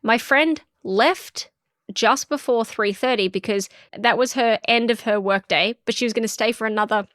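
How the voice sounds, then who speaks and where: This podcast co-host is a woman whose voice runs a bit high at a normal speed. Chatting casually, she tells an outraged tale with animated indignation and acts out the characters' lines, all recorded dry at studio quality.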